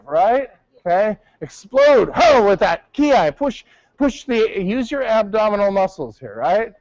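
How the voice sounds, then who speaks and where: A man teaching a martial arts class, calling out counts and correcting his students as he goes. His voice sits high, and the recording is dry and a little muffled. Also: no echo. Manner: barks counts, coaching and correcting.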